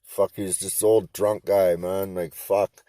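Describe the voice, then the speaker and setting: A man's voice: low voice, flat delivery, a little slow, warm tone, no room sound. A man from Canada telling a rambling, profane story in casual talk. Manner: rambling, profane, laid-back. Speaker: interviewee.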